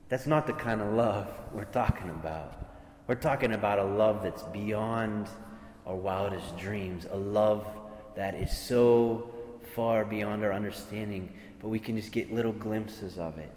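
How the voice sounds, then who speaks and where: A man's voice: on the low side, measured pace, a little mellow, a little hiss or hum. A man preaching a sermon in an earnest way, often repeating words and acting out what others might say. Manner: earnest, repeats words, voices imagined speakers. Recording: echoey hall with long reverb.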